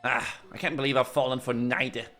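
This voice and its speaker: A man's voice: mid-range voice, fairly even intonation, fairly quick, pushed and bright, soft background music, voice pushed down, natural voice. A man voicing a big lovesick talking tomcat, reading game dialogue dreamily.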